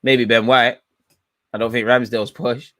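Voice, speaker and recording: A man's voice: medium pitch, little pitch movement, moderate pace, pushed and bright, no room sound. A young man giving blunt, slangy, frustrated running commentary while watching a football match live. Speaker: football fan channel host.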